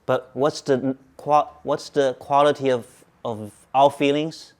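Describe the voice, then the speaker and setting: Man, Dharma talk, calm, repetitive, rhetorical questions, mid pitch. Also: measured pace. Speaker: Buddhist teacher. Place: Zen meditation centre.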